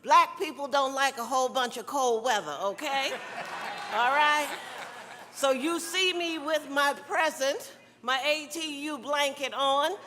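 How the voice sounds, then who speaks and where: A woman's voice: high-pitched, measured pace, pushed and bright, a little hiss or hum. A woman from South Carolina with a Southern accent, giving a folksy, teasing convention speech and calling out to the crowd. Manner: chatty, teasing, calls out to the crowd. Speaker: convention speaker. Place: large convention hall. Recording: long hall reverb.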